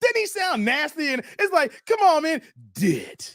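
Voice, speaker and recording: A man in his thirties hosting a casual live stream, animated and laughing often, his voice a little strained from long streaming. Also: very high voice, normal speed, very noisy. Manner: animated, laughs often, breaks into playful sung bits. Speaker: live stream commentary host. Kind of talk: casual live stream chat reading donations.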